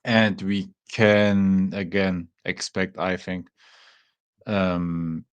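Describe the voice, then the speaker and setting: Speaking extremely slowly in a low voice with a clean tone, though on dull audio, a native German speaker with a German accent hosts a casual live watchalong. He chats with his viewers in a relaxed way, leaning on fillers like "man".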